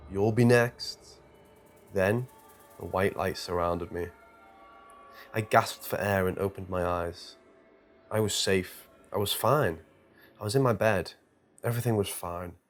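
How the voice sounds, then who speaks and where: A man with a lowish voice tells a horror story in a tense, dramatic way. Quiet background music plays under his reading. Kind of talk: scripted horror narration.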